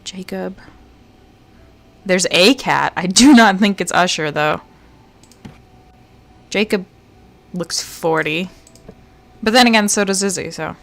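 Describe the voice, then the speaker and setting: A woman's voice: lowish voice, slow pace, pauses often, fairly bright tone, faint music behind. A woman streamer chatting playfully to herself as she plays a game live, with the odd jokey mock-British phrase. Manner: chatty, playful, talks to herself while searching.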